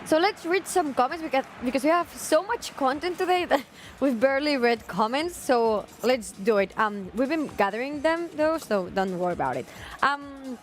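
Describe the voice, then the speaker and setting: A woman's voice: sits high, lively intonation, moderate pace, few pauses, slight background noise. A woman co-hosting a live football show, reading fan comments in an easygoing, giggly way. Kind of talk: casual live show chat.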